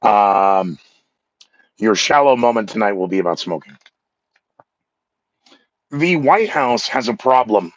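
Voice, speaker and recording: A man and former radio DJ talks through his podcast with a lively, swooping pitch, mocking himself and acting out the people he quotes. His throat is sore. The sound is dry and close, a little dull and lo-fi. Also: no echo. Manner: animated, acts out quoted coworkers, self-mocking. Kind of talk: casual monologue with news headlines.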